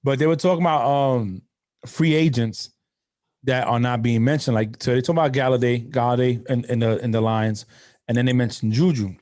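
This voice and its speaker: A man co-hosts a casual football podcast in a mid-pitched voice. He tells rambling, chatty stories at an easy pace. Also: moderate pace, a little mellow. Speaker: podcast co-host. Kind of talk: casual sports chat.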